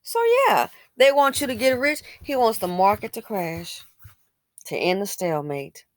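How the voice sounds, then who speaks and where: A woman delivers opinionated commentary in a blunt, colloquial way. She drives her points home by repeating phrases and throwing rhetorical questions at the listener. Her voice sits at a middle pitch and is recorded close and dry, with no room sound. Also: very animated, normal speed, no echo.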